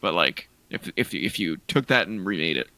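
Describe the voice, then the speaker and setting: A man's voice: low-pitched, lively intonation, normal speed, bright, forceful tone, no echo. A man co-hosting a gaming podcast in casual chat, rambling through a list of game releases with restarts. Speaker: podcast co-host.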